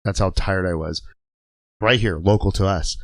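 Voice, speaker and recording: Low-voiced, profane trucker telling stories. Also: male voice, normal speed, dry recording. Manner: profane, rambling, laughs through stories. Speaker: trucker guest. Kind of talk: casual storytelling. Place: podcast studio.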